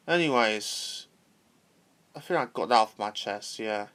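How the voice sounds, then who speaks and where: A man's voice: lowish voice, animated, measured pace, pauses often, a bit bright. A man ranting casually to camera, repetitive and swearing freely. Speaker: vlogger.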